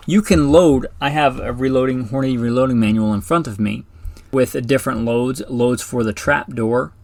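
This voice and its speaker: With no echo on the audio, a medium-pitched man hosts his firearms show alone, chatting casually about rifles. He's enthusiastic, wanders a bit, and sometimes corrects himself.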